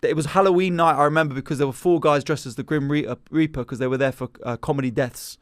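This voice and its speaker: A man's voice: a little high, fast talker, no room sound, clean studio sound. A man telling a comedy-gig anecdote in casual chat, acting out the voices in it. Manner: animated anecdote-telling with acted-out quotes. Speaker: comedian guest.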